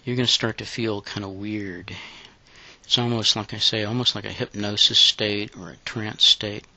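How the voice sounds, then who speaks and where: Man, flat and bright, breathy halting guide voice, lo-fi. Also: lowish voice, no echo. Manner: breathy, halting, unhurried delivery. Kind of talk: intimate guided audio instruction. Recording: dull lo-fi recording.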